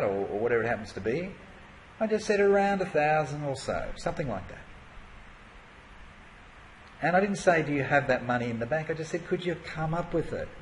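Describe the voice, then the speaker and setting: A man teaches an online marketing course conversationally, his talk full of rhetorical questions and fillers. He's an internet marketing coach with a medium-pitched voice, and the poor audio carries a little hiss or hum.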